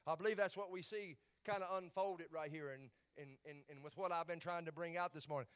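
A pastor preaching a sermon, dropping to low murmurs and rising to shouts. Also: male voice, fairly even intonation, a little fast, smooth.

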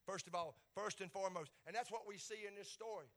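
A middle-aged Appalachian pastor preaching with a high, bright, ringing voice. His delivery is folksy and conversational, falling to quiet asides before climbing into loud, shouted peaks. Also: fast talker. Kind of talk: sermon.

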